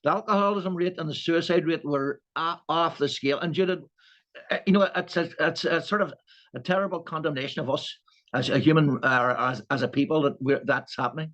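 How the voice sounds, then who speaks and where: A man's voice: fairly high pitch, normal speed, a bit bright, dull audio. A man in casual conversation who rambles and restarts his sentences often. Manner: rambling, many restarts and stammers. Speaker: co-host. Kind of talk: casual chat.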